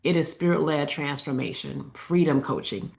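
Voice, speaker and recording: A woman with a somewhat low voice gives a casual faith coaching talk straight to her viewers. She keeps it conversational, with fillers and asides, and slows down to repeat her key lines. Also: steady tone, vocal fry. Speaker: faith-based life coach. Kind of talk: casual inspirational talk to camera.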